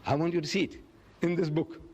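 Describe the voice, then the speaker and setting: A man giving a public religious lecture, acting out quoted speech dramatically and slowing down to stress key phrases. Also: steady tone, darkish tone, muffled recording. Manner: dramatic, acts out quoted speech with big pitch swings.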